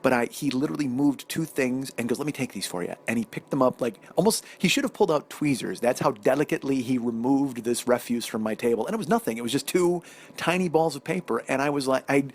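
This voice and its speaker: A man telling a comic story on his podcast, animated and profane, ranting as he goes. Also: medium pitch, quick pace, husky. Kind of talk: comedic storytelling monologue.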